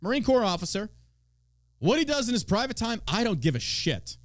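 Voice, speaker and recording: Animated, swearing man ranting on a podcast. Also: high voice, fairly quick, no room sound. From Texas. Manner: mocking, animated, swears freely. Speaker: podcast host. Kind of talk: profane political rant.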